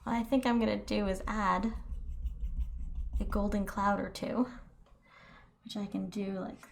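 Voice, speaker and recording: Woman painter, hushed self-narration, gravelly fry, casual and chatty. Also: mid-range voice, fairly even intonation, a little slow, slight background noise. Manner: soft-spoken, quiet and hushed; chatty, self-talking, gently self-correcting.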